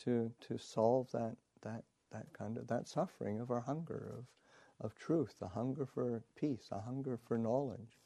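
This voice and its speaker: Monk doing his old teacher, earnest and patient, mellow voice, dry sound. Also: medium pitch, moderate pace, creaky, few pauses, no room sound. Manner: earnest, explaining. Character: wise older male meditation teacher, patient and earnest.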